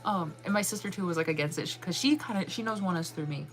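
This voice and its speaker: A woman hosting her own channel, telling a story to viewers in a casual, animated way, laughing often and saying "like" a lot. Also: fairly low pitch, quick pace, soft background music, rough recording. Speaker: channel host.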